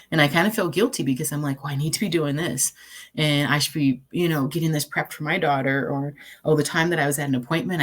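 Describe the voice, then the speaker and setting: Her voice is a husky bass. She's a life coach recording an encouraging presentation, earnest and chatty, reading affirmations aloud and now and then repeating a phrase or adding filler.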